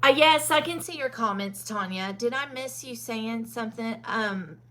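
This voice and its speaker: A woman's voice: fairly high pitch, moderate pace, a bit bright. A woman from Kentucky with a Southern accent, hosting a casual makeup live stream and chatting with viewers by name between many ums.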